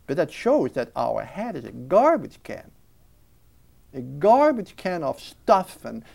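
A man's voice: fairly high pitch, creaky. A man talking earnestly and reflectively about prayer in an interview, often restarting sentences and briefly acting out restless thoughts. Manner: earnest, with frequent restarts and lively mimicking of racing thoughts. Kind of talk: reflective spiritual talk.

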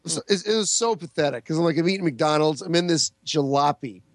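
A man's voice: on the high side, brisk, no echo, clean studio sound. A man in his forties, a podcast co-host, rambling through comic anecdotes with laughs between lines. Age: 40s. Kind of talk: casual comedic storytelling.

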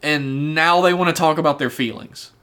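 A man's voice: on the high side, steady tone, moderate pace, sharp tone, smooth. A man co-hosting a podcast, casually recapping a TV episode with a profane, joking manner. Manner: profane, jokey, acts out characters in quotes. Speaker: podcast co-host.

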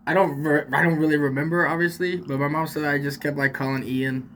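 A man's voice: a little high, little pitch movement, brisk, background noise. A young man co-hosting a podcast, joking and swearing through casual banter. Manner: jokey, laughing, profane banter. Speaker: podcast co-host. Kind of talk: casual chat.

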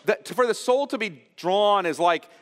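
A man preaching an expository sermon as pastor, earnest and explanatory, often pausing to restate a phrase. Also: sits high, expressive, long reverb tail. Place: church sanctuary.

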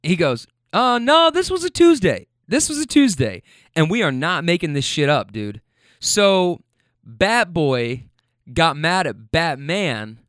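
A young man with a slightly higher voice tells a rambling story and acts out each character's lines. His delivery is animated, with laughter breaking in. The recording is close and dry, with no room sound. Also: dry recording. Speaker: storyteller recounting a rideshare passenger story. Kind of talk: casual storytelling.

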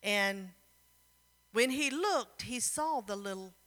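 A woman preacher tells a story at a slow, deliberate pace, then turns to fervent exhortation of her congregation. Her voice is bright and clear. A long reverb from the church hall hangs around every phrase. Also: fairly high pitch, animated. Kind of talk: sermon.

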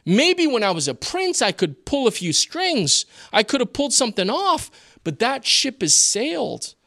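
A man's voice: extremely high pitch, wildly swooping pitch, normal speed, creaky, bright, forceful tone, pitched above the performer's own voice, heavily acted. A man voicing Moses as an anxious, self-doubting older man pleading his excuses. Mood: despairing.

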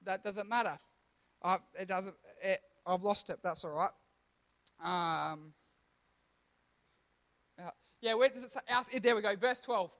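A young man with a high-pitched voice preaches a relaxed kids' sermon. He talks in a chatty, self-deprecating way, stumbles and restarts often, and keeps asking his young listeners questions. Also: unhurried, long pauses. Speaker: youth pastor. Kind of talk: casual sermon to kids.

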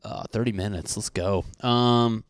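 A man's voice: fairly low pitch, a little slow, clean tone, dry recording. A man hosting a solo podcast from his apartment, rambling casually with heavy swearing and crude jokes. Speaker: podcast host.

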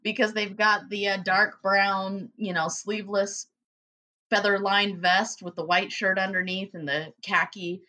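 A woman's voice: medium pitch, little pitch movement, measured pace, pushed and bright. A woman co-hosting a podcast in casual chat, joking wryly and swearing casually. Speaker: podcast co-host.

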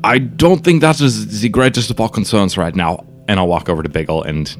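A man's voice: lowish voice, brisk, faint music behind. A man playing a tabletop game, giving dry, matter-of-fact quips. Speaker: player.

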